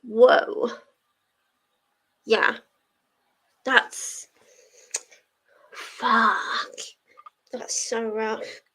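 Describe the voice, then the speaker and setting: A woman's voice: fairly high pitch, level tone, drawn-out words, pauses often, fairly bright tone, breathy edge, low-quality recording. A young woman hosting a live stream, chatting casually with viewers, laughing often and getting teary. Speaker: livestream host of reading sprints. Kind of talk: casual chat to a live audience.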